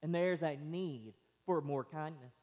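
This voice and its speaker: A pastor preaching a slow, emphatic sermon in a church, his voice rising loud and dropping quiet. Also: fairly high pitch. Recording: long reverb of a large hall.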